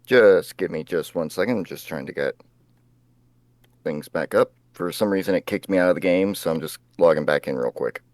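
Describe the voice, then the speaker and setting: A man with a very low voice talking calmly and reassuringly as he sorts out his connection in a tabletop game. The sound is dry and close, with no room around it. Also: normal speed, no room sound. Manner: calm, reassuring, busy logging back in. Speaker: player. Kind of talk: casual chat in a tabletop game.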